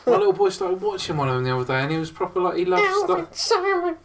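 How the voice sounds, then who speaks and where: Man, podcast guest, blunt slangy talk, animated, distant mic, noisy background. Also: high voice, fast. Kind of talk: casual podcast chat. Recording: distant mic with clear noise.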